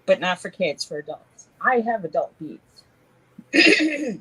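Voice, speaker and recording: A woman's voice: mid-range voice, sing-song, slow, a bit bright, breathy edge, poor audio. A woman from New York with a New York accent, co-hosting a casual live-stream chat and telling stories between laughs. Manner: chatty, laughs often, tells stories. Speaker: co-host.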